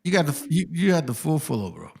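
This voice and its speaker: A man's voice: fairly high pitch, very animated, fast, vocal fry, a little mellow, slight background noise. A man hosting a casual reaction commentary, ranting heatedly and swearing constantly. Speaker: stream host.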